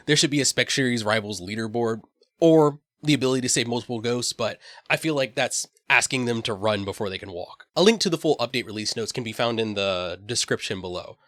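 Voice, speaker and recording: A man's voice: mid-range voice, background noise. Dry-voiced man reading a weekly recap. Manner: dry, matter-of-fact delivery with wry asides. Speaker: gaming channel host. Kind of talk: scripted voice-over recap.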